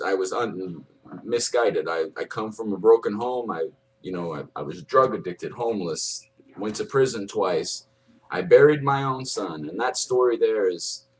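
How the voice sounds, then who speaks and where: A man's voice: sits low, rough recording. A middle-aged man giving an earnest personal testimony, emotional and pleading, often repeating himself. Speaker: convert sharing his testimony.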